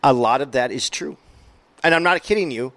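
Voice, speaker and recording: A man on a podcast, speaking earnestly in halting phrases and often restarting his words. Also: mid-range voice, a bit bright, no room sound. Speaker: podcast guest. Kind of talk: casual discussion.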